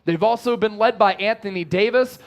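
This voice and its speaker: A man hosting a live sports watch-party stream, reading out chat shout-outs and breaking down the game in casual, energetic talk. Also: sits high, a little fast, highs cut off.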